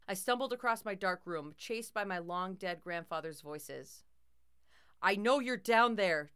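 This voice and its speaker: A woman's voice: on the low side, a bit bright, clear, resonant tone. A woman narrating a first-person horror story in a tense, dramatic way.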